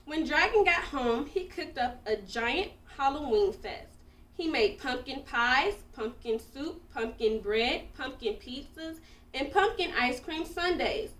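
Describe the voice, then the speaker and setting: A woman reading a children's picture book aloud with expressive, animated storytelling, in an echoey room away from the mic. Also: high-pitched, slow pace, recorded from a distance. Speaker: storybook reader.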